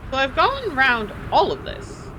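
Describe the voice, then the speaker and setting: A woman's voice: high-pitched, measured pace. A woman streamer chatting casually as she plays, thinking aloud and getting flustered. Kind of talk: casual live gameplay commentary. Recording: steady background noise.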